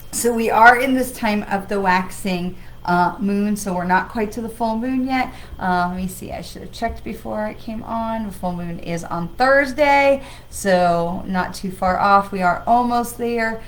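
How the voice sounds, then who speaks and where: A woman's voice: mid-range voice, unhurried, hardly any pauses, slight background noise, low-quality recording. A woman hosting a weekly livestream as a psychic medium, talking in a chatty, rambling, enthusiastic way with an occasional cough from travel. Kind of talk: casual livestream talk.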